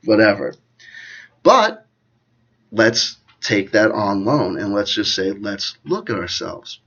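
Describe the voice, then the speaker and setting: A man hosting his own channel, talking through ideas in a rambling, self-mocking way that swings between loud bursts and hushed asides. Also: on the low side, very animated, takes it slowly, slightly rough, highs cut off. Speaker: channel host. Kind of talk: rambling solo commentary.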